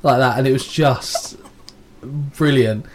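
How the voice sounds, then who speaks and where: A man with an English accent, co-hosting a podcast and chatting casually, telling stories with lively asides and quick voices for the people in them. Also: mid-range voice, slight background noise. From England. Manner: animated storyteller, does voices in quotes. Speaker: podcast co-host. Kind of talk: casual chat.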